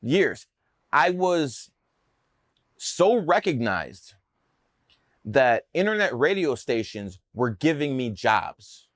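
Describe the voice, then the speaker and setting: A man's voice: medium pitch, sing-song, slow, pauses often, dry recording, studio quality. A man telling stories in a casual interview, brash, boastful and profane. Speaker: podcast guest telling his story.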